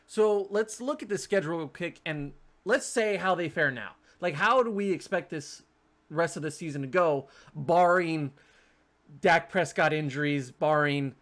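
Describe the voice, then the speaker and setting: A man hosts a casual sports podcast, his voice pitched a bit higher than most men's. He speaks in quick, animated bursts, frequently restarting sentences as he thinks out loud.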